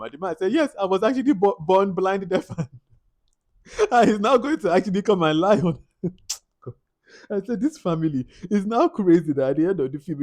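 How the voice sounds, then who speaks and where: A man's voice: a little high, no echo. Nigerian man laughing through a movie review. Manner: laughing often, mimics characters, slips into Pidgin. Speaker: film reviewer.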